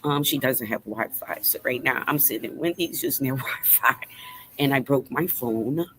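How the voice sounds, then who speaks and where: A woman's voice: very deep voice, moderate pace, fairly bright tone, a little hiss or hum, poor audio. A woman in her fifties hosting a casual livestream. She speaks earnestly and emotionally to her viewers, and her voice trembles with feeling. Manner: earnest, emotional, talks straight to the chat. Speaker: livestream host. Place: fast-food restaurant.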